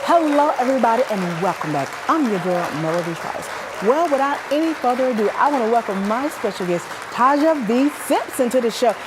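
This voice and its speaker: A woman's voice: on the high side, lively intonation, fast talker, over a noisy crowd, heavy background noise. A woman hosting her own talk show, greeting viewers with enthusiastic, emphatic energy.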